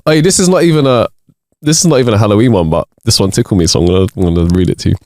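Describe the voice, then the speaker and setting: A man's voice: fairly low pitch, racing, darkish tone, no echo, clean studio sound. A man co-hosting a podcast, reading jokes aloud in casual chat and laughing between them. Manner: reads jokes with bursts of laughter. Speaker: podcast co-host.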